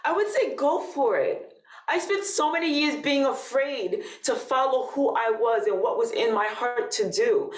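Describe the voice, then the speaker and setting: A woman's voice: fairly high pitch, lively intonation, measured pace, roomy sound. A woman guest on a podcast, a fitness coach speaking in casual chat, laughing often and encouraging emphatically.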